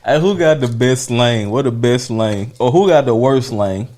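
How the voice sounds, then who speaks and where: A man's voice: mid-range voice, normal speed, darkish tone. A man in his thirties co-hosting a podcast, talking in loose, slangy, laughing banter. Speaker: podcast co-host. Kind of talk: casual chat.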